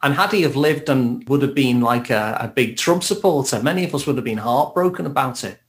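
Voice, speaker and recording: A man's voice: medium pitch, lively intonation, a little fast. A man with a Liverpool accent, a therapist guesting on a podcast, reflective and laughing lightly as he talks. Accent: Liverpool (Scouse). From Liverpool, England. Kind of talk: casual podcast conversation.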